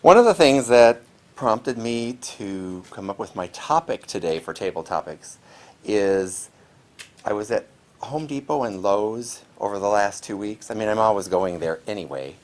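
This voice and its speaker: A man's voice: fairly low pitch, lively intonation, measured pace. A man with a Midwestern American accent addressing a studio audience at a club meeting, formal at first and then chatty as he explains at length. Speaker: table topics master. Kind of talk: meeting speech. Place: small TV studio.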